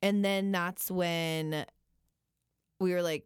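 A woman's voice: on the low side, animated, clean tone, dry recording, studio quality. Playful woman trading crude banter. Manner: quick agreeing interjections, playful and crude. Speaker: podcast co-host. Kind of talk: casual chat.

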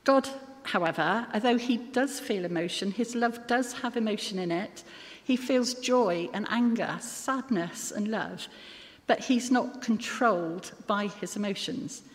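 With a medium-pitched voice and an unhurried delivery, a woman gives an earnest sermon sprinkled with occasional jokes at her own expense. The recording carries a long hall reverb.

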